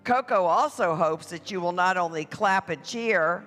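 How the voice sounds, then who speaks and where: Brief: bright, unhurried family-parade emcee, playful drawn-out calls, reverberant church hall with music under. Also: medium pitch. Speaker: parade announcer. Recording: echoey hall with music behind.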